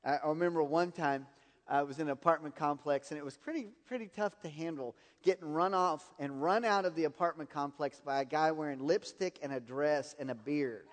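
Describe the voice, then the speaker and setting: A man's voice: fairly high pitch, a little fast, big-room sound. A man preaching a sermon, telling personal stories and laughing at his own anecdotes.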